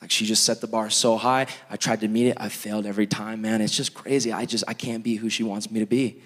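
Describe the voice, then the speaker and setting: A man's voice: fairly low pitch, level tone, quick pace, a bit bright. A man voicing a tough young male ex-convict who talks in blunt street slang, heard with long hall reverb. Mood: glum.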